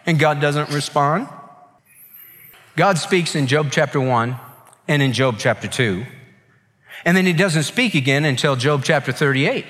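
A man's voice: unhurried, pauses often. Man preaching a sermon in a reverberant hall. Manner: storytelling, quoting others' words softly and lower; animated, rising in pitch on emphatic points. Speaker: pastor.

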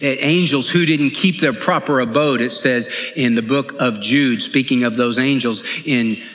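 Emphatic preacher in an echoey church. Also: male voice, mid-range voice, moderate pace, fairly bright tone. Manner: earnest, emphatic, repeats phrases. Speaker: pastor. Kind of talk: sermon. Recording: echoey hall.

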